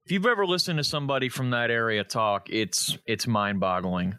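Male podcast host; bright, brash, comic rants. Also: medium pitch, a little fast, clear, resonant tone, no room sound, studio quality. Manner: ranting, crude joking. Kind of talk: casual chat.

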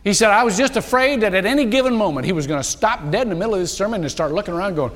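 A man preaching a sermon, telling a story with lively acted-out quotes in an animated storytelling manner. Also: high-pitched, racing, big-room sound. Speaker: pastor. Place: church sanctuary.

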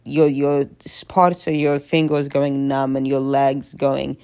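Young woman, head cold, sniffly, gravelly fry, rambling jokey chat. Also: rumbling low, flat delivery, slow, dark tone. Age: young adult. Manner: rambling, self-deprecating, jokey. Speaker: vlogger. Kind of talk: casual confessional chat.

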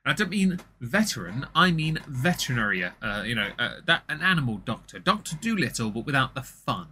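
A man's voice: medium pitch, big pitch swings, a little fast, bright, forceful tone, a little hiss or hum. A man, co-hosting a casual political chat in a blunt, profane, rambling way. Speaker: streamer and co-host.

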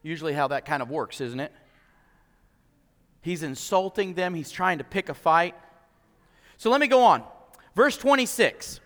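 A male pastor preaching a sermon in an animated way, acting out quotes and repeating words as he restarts. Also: on the high side, normal speed, long pauses, long reverb tail.

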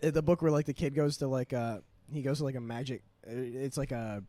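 A man's voice: mid-range voice, steady tone, a little fast, mellow, no echo. Young man in loose joking podcast chat. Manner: joking, teasing, rambling with restarts. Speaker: podcast co-host. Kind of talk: casual chat.

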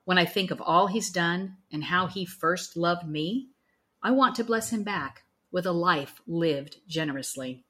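Low-voiced woman hosting a faith show. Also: measured pace, a bit bright, slightly rough. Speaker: host. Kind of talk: Christian talk show.

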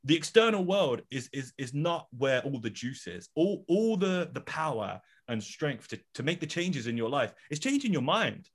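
Animated young man co-hosting a podcast. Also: fairly high pitch, normal speed, few pauses. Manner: animated, repeats words as he works up to a point. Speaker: podcast co-host. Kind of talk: casual conversational podcast.

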